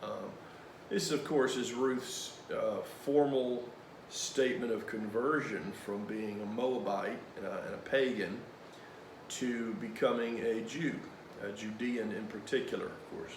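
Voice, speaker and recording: A man leading a Bible study, reading scripture aloud with commentary in a measured, drowsy voice broken by "uh" fillers. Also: fairly low pitch, reverberant, background noise. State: drowsy, yawning.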